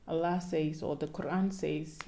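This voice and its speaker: A young woman with a Ghanaian accent and a low, mellow voice gives casual advice to her viewers. She talks in a playful, pleading way that sometimes sounds like a sermon. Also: steady tone, moderate pace. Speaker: vlogger.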